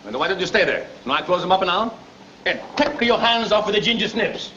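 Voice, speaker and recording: A fiery Italian grocer. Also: male voice, high-pitched, animated, fairly quick, bright, forceful tone. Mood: argumentative. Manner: broken English mixed with Italian phrases. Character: hot-tempered, big-hearted Italian immigrant grocer, middle-aged man. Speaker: immigrant grocer and guardian. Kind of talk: 1930s film acting. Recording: dull scratchy 1930s film soundtrack.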